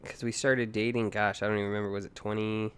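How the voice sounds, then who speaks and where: A man's voice: lowish voice, level tone, fast, clean tone. A man in his thirties co-hosting a casual podcast, telling a rambling story full of fillers and restarts, laughing at himself. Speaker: podcast co-host.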